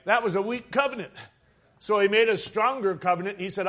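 A male preacher delivering a sermon in a notably high voice. His delivery is emphatic, swelling louder on key points and dropping low on others, with a preaching cadence that calls out to the congregation. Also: a little fast.

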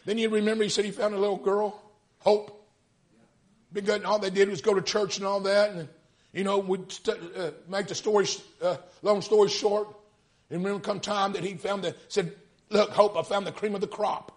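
A man preaching, retelling a story in folksy speech and building to fervent, near-shouted peaks. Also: high voice, level tone, brisk. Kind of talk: storytelling sermon.

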